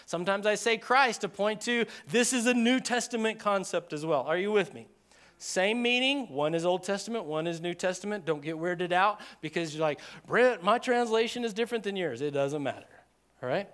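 A man preaching a sermon in a conversational, animated way, acting out quoted voices. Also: high voice, normal speed. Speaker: pastor.

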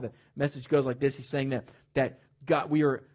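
A man preaching a sermon to his congregation, emphatic and animated, with joking asides and repeated words at the starts of phrases. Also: mid-range voice, normal speed. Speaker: pastor. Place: church sanctuary with congregation.

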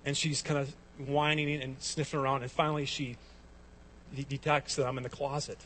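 A man's voice: medium pitch, flat delivery, a little fast, a bit bright, slight background noise. A man in his forties preaching a sermon as a pastor, telling stories and rising to emphatic peaks. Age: 40s.

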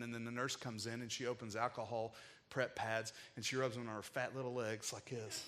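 A man's voice: mid-range voice, little pitch movement, a little fast, fairly bright tone. A man preaching a sermon, telling a heartfelt personal story in an emotional, casual way with frequent filler words. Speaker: pastor.

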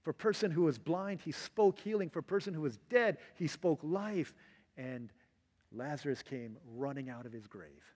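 A husky, slightly high-voiced male pastor delivers a lively sermon, slipping into voices to act out the quotes he tells. His words ring out with a long reverb, as in a large church hall. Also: moderate pace. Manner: animated, acts out quotes in varied voices.

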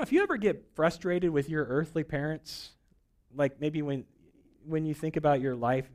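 A man's voice: fairly high pitch, darkish tone. A man preaching a sermon in a conversational, joking way, a pastor who acts out little voices to make his points. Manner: conversational and humorous, acting out voices for jokes.

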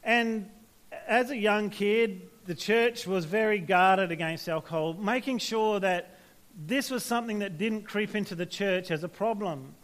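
High-voiced man preaching casually. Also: unhurried, a bit bright. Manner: conversational, anecdotal, frequent restarts and tag questions. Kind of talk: sermon to young people.

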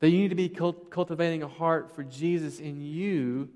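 A man's voice: a little high, normal speed, darkish tone. A man in his thirties preaching a sermon, conversational and emphatic, with many rhetorical questions. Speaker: pastor. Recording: long reverb of a large hall.

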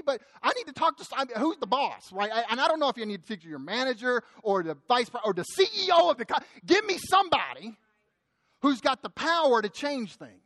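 A man preaching a sermon, conversational and anecdotal, slowing down to read scripture with emphasis. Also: sits high, a bit bright, no echo. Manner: anecdotal, with acted asides. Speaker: pastor.

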